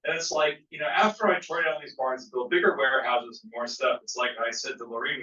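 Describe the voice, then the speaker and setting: A man's voice: medium pitch, fast, hardly any pauses, bright, forceful tone. Rambling man heard from across a roomy space. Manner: rambling, lots of "you know" and "it's like". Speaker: study group member. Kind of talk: casual group discussion. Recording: roomy, distant, lo-fi sound.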